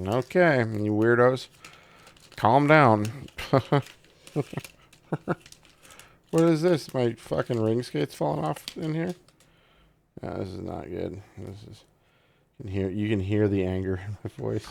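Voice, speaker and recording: Unboxing a gaming mouse, this male tech reviewer chats loosely, swearing and cracking excited jokes for his viewers. He has a gravelly mid-range voice, speaks at a measured pace, and leaves long pauses.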